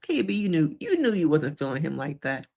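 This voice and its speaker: A woman therapist giving casual reaction commentary to viewers, talking directly to them and acting out quotes in high voices. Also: very animated, brisk, a little mellow. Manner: conversational, addresses viewers directly. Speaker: therapist reacting to a reality show.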